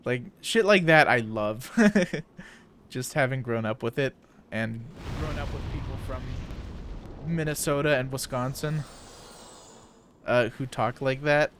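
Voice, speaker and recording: Streaming a game and chatting casually, this Midwestern-accented man from South Dakota speaks in an unhurried, rambling way with long pauses. His mid-range voice has a fairly bright tone, over slight background noise.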